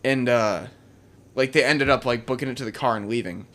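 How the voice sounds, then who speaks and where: A man on a podcast tells a story casually, with lots of swearing and a steady, mid-range voice. He sounds relaxed and loose, like he is talking with friends. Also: medium pitch, fairly quick. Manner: laid-back storytelling, heavy swearing and filler words. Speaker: podcast host. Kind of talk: casual chat.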